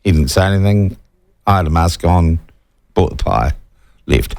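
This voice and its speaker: A man's voice: low voice, lively intonation, normal speed, creaky, a little mellow. A man with a New Zealand accent hosting a radio talk show, chatty and prone to joking asides. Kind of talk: conversational radio interview.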